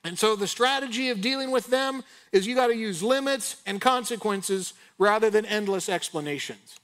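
A man with a high, light voice delivers a sermon from the pulpit. He talks earnestly and conversationally and slows right down to press home the important points. He sounds middle-aged. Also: fairly bright tone. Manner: earnest, conversational preaching with slowed emphasis on key lines. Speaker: pastor.

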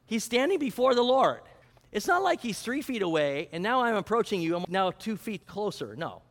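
A male pastor with a high voice delivers a sermon, putting questions to his congregation. The sound carries a long reverb, like a church hall. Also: big pitch swings, moderate pace. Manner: teaching, asks the congregation questions.

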